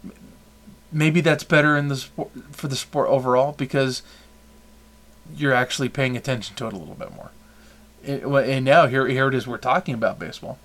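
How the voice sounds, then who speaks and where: A man's voice: medium pitch, steady tone, brisk, a bit bright. A man hosting a podcast, chatting casually and rambling through opinions with frequent restarts. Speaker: podcast host. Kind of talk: casual chat.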